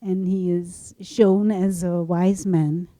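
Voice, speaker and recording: A woman meditation teacher telling a story in a gentle spiritual talk, laughing softly now and then. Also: lowish voice, flat delivery, no room sound. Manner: slow, gentle storytelling with frequent soft laughs.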